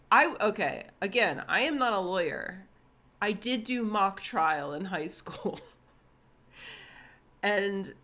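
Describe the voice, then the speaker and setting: A woman's voice: lowish voice, fairly bright tone. A woman in her thirties from the United States giving casual reaction commentary, wry and laughing often. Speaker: video reactor.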